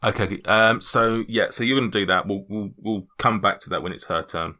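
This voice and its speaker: A man narrating as game master of a tabletop game, relaxed and hesitant, with many ums and restarts. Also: lowish voice, fairly quick.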